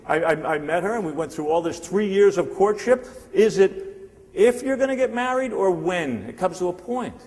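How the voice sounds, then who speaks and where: High-voiced man in his sixties, punchy. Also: a little mellow. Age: 60s. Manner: punchy, repetitive, crowd-teasing delivery. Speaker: sales trainer and motivational speaker. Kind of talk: live motivational seminar talk. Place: large hall with a live audience. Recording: long hall reverb.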